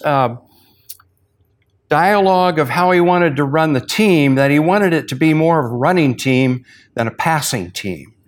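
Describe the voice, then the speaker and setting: Man teaching scripture with folksy stories. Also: a little high. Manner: folksy, uses sports stories to illustrate points. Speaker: Bible study teacher. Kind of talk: sermon-style Bible teaching.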